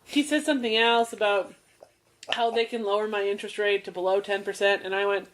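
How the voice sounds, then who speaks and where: A woman's voice: mid-range voice, steady tone, a little fast, a little hiss or hum. A woman co-hosting a podcast, telling a story in casual chat with a profane, mocking manner. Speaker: podcast co-host.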